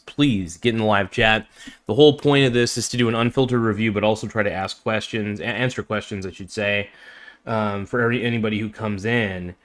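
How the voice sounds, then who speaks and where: A man hosts a live-streamed phone review, speaking casually with plenty of fillers, restarts and enthusiastic asides like an easily impressed fan. His voice is fairly low and fairly bright.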